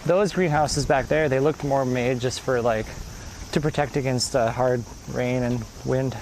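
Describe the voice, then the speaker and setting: A man walks outdoors along a rural road while live-streaming, answering viewers in loose conversation, slightly short of breath from the climb. His medium-pitched voice is a little mellow and fairly even, a touch slow. The recording is rough, with a bit of hiss or hum.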